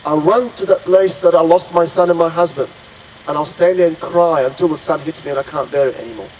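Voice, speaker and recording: A desperate young mother in a spoken story, pleading and going over her loss again and again, as a male storyteller quotes her. The voice sits somewhat high and earnest. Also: brisk, darkish tone, slight background noise, natural voice, poor audio. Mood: grieving. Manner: pleading, repetitive.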